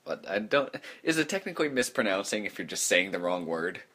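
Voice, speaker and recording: A man's voice: lowish voice, big pitch swings, a little fast, sharp tone, slightly rough. A young man co-hosting a podcast and editing it, chatting casually with dry teasing jokes. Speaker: podcast co-host and editor. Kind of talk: casual chat.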